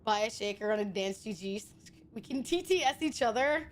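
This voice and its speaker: A woman's voice: medium pitch, expressive, normal speed, slight background noise. A woman streaming a game, chatting casually with her viewers in crude, teasing banter and laughing often. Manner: frequent laughter.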